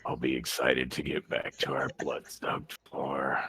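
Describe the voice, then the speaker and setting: A man playing a tabletop game, talking in a casual, deadpan way. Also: very deep voice, unhurried, slightly rough, no echo. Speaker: player. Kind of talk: in-character tabletop chat.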